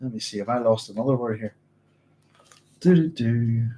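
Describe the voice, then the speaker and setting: Man, book club host, reads aloud, casual comments, stops to check notes, mid pitch. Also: warm tone, poor audio. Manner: chatty, often pausing to check his notes and apologise.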